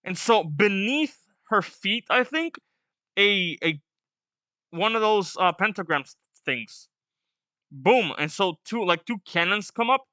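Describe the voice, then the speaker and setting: A man hosting a casual manga read-along, reading lines aloud and chatting through quick asides. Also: high voice, expressive, sharp tone, no room sound. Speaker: manga reaction host.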